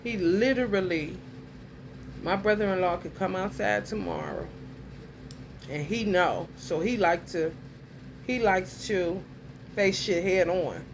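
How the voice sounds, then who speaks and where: Speaking slowly at medium pitch with long pauses, a female vlogger delivers a casual monologue to her viewers, recounting a story in a blunt, heated, heavily profane way. The background is noisy.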